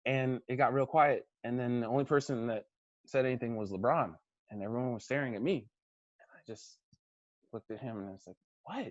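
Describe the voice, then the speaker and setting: A man in his thirties telling a sports story to young swimmers in a lively way, acting out quotes and dropping to a hush for reflective moments. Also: medium pitch, a little fast, no room sound, highs cut off. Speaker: Olympic swimmer giving a team talk. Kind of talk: animated storytelling speech.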